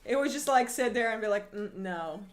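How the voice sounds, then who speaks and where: A woman with a high voice joins a casual lore chat as a guest. She is giggly and enthusiastic, and dips into a low deadpan for jokes. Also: fast talker, over music.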